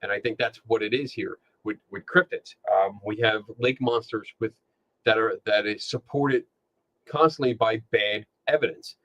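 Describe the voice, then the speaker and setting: A man's voice: on the low side, moderate pace, sharp tone, dry recording. A man hosting a podcast, chatting casually with many fillers and restarts, with a Philadelphia accent. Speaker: podcast host. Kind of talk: casual chat. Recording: dull lo-fi sound.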